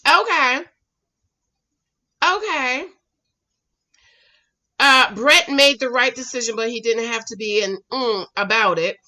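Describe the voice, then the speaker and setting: A woman's voice: on the high side, slow, long pauses, bright, forceful tone. A woman hosting a live reaction stream who reads viewer comments aloud and answers them in an emphatic, sassy way. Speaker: YouTube reaction host.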